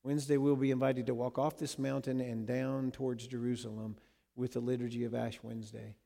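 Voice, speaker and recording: A man preaching a sermon who swings between loud emphasis and hushed, repeated words. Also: mid-range voice, level tone, a little fast, vocal fry. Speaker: pastor.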